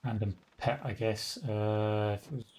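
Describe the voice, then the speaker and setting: A man's voice: fairly low pitch, steady tone, a little slow, darkish tone. A man giving casual live commentary on a game he is playing. He is wry and mutters to himself, with the odd swear word. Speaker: streamer.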